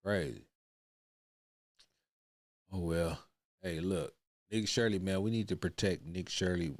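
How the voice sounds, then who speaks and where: A man with a very low voice talks casually to his livestream chat, blunt and heavy on profanity, ending phrase after phrase with "man." The sound is dry and close, with no room around him. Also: darkish tone, no room sound. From United States. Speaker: livestream reaction host.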